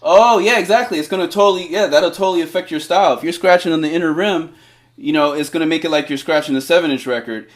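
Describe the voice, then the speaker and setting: A man's voice: on the high side, fast talker. Encouraging man teaching over a phone call. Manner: eager and encouraging, full of fillers and restarts. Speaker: DJ scratch teacher. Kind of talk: casual one-on-one instruction over a video call. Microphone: cellphone on a video call.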